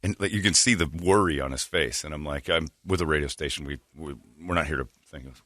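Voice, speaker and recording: A man's voice: low-pitched, lively intonation, fast talker, a bit bright, dry recording, clean studio sound. A middle-aged man hosting a morning radio show, rambling through stories with crude jokes. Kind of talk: casual morning radio banter.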